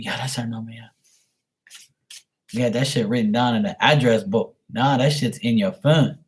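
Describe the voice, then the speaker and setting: A man's voice: mid-range voice, normal speed. A man in his forties chatting casually as a stream host, rambling through stories with plenty of swearing. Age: 40s. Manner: rambling, profane, storytelling. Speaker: stream host answering paid questions. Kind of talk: casual chat.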